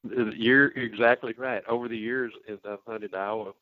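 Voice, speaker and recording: An older man, a hunting expert, telling folksy stories in a relaxed podcast conversation. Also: mid-range voice, no echo. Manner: folksy storyteller, relaxed and unhurried. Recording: tinny phone-like line, dry.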